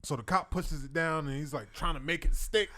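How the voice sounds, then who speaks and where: A man telling a story in casual chat on a talk show, animated and often laughing as he acts out other people's lines. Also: a little high, a little fast.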